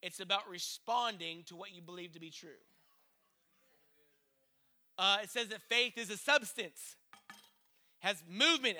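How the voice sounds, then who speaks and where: A man's voice: extremely high pitch, bright, forceful tone. A man preaching a conversational sermon as pastor, earnest, with frequent restarts and acted-out asides.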